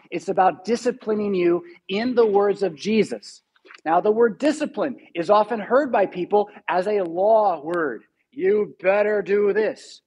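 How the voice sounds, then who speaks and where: A man's voice: high-pitched, darkish tone, breathy edge, rough recording. A male pastor giving a sermon in a church, teaching steadily and stressing key words. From United States.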